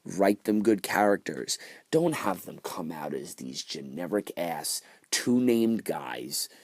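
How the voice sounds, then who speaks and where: Low-voiced man ranting on a vlog. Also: big pitch swings, slow, no room sound, studio quality. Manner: ranting, exasperated, many fillers and restarts. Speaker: wrestling vlogger. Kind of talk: casual opinion rant.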